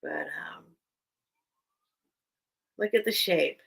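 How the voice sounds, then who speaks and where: A woman's voice: mid-range voice, wildly swooping pitch, very slow, gravelly, husky, low-quality recording. A woman hosting a casual live sale stream, chatting in a rambling, enthusiastic way. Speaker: online sale host. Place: at home among her collection.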